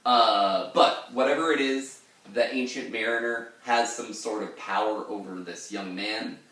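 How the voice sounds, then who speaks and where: Man, low-ish voice, casual teacher explaining poetry, rambly, echoey room, mic a bit far. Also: unhurried, fairly bright tone. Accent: pirate-style put-on accent in readings. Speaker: literature lecturer. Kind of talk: informal poetry lesson with pirate-voiced readings.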